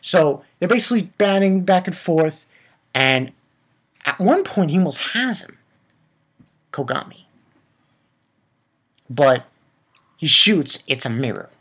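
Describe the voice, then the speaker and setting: A man giving an excitable, profane casual recap of an anime episode, with lots of restarts. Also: fairly high pitch, takes it slowly, pauses often, husky. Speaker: anime reviewer.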